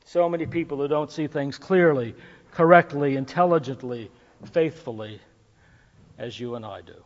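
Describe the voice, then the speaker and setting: A man preaching a sermon as pastor, talking casually and jokingly with filler pauses. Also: mid-range voice. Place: church sanctuary. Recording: dull recording with long hall reverb.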